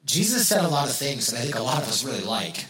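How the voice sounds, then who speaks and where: A man's voice: medium pitch, big pitch swings, fast talker, fairly bright tone, reverberant, low-quality recording. A man preaching a sermon in a conversational way, repeating key phrases for emphasis. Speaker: pastor.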